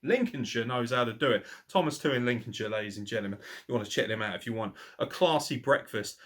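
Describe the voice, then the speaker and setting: A man's voice: medium pitch, fast, fairly bright tone. A young man hosting a podcast, answering listener questions in a casual, sweary, laddish way with lots of banter.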